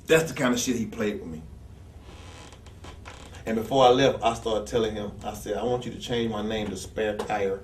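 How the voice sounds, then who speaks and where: A man's voice: on the low side, steady tone, normal speed, pauses often, slight background noise. A man telling stories in a blunt, profane rant as an interview guest, acting out the people he quotes. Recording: echoey room, distant from mic.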